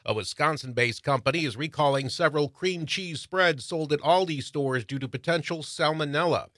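A man reading a scripted radio newscast in a measured, formal manner. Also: fairly high pitch, fairly bright tone, dry recording, clean studio sound. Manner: measured, formal news delivery. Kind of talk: scripted news read. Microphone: studio microphone.

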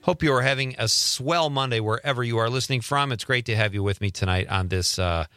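Male radio host, bright lively delivery, chatty and self-mocking, dry studio mic. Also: medium pitch, a little fast, dry recording. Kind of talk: casual radio chat. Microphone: studio microphone.

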